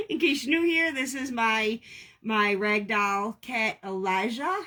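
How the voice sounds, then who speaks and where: A woman's voice: on the high side, unhurried, sharp tone. A woman, chatting casually with viewers as she hosts a crafting livestream from home, laughing often.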